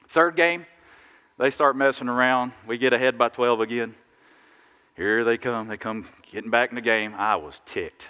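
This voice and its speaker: A man preaching a sermon, telling stories in a lively, animated way with sudden loud bursts. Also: mid-range voice, clear, resonant tone. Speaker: pastor. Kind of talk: sermon with storytelling. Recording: dull sound in a big reverberant hall.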